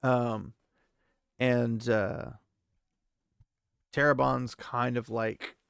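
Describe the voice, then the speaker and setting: A man hosting a casual book-recap podcast, rambling and thinking aloud as he goes. His voice is gravelly, with a medium pitch. He is recorded close on a dry mic with no room sound. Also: little pitch movement, extremely slow, fairly bright tone, no room sound. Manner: rambling, thinks aloud, many fillers and restarts. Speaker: podcast host.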